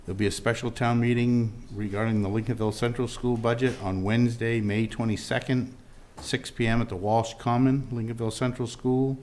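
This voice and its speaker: A man reads out town announcements in a plain, even manner, running through dates and times. His voice has a middle pitch for a man. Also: brisk, hardly any pauses. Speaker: town official reading announcements. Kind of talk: reading meeting announcements.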